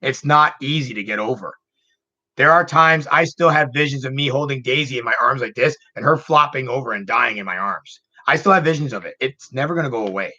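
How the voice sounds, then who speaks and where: A man's voice: medium pitch, fairly quick, bright, forceful tone. A man hosting a casual vlog, telling a personal story in an emotional, rambling way and repeating himself. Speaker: channel host. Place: home computer room. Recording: dull lo-fi home recording.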